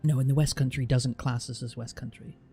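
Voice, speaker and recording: Faint music sits behind a mid-range, warm male voice speaking a little fast with fairly even intonation. He's a Southwest England man with a southern accent, casually chatting on stream and thinking aloud with many fillers.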